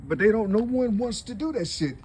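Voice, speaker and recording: A man's voice: high-pitched, animated, brisk, dark tone, slight background noise. A middle-aged man in a rambling, emotional monologue, profane and repetitive, turning tearful as he talks. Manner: rambling, repetitive, profane, full of "you see". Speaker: vlogger.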